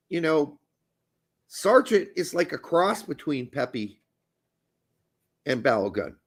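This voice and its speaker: A man's voice: fairly high pitch, gravelly. A man co-hosting a casual soccer podcast, blunt and crude, talking emphatically. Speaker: podcast co-host.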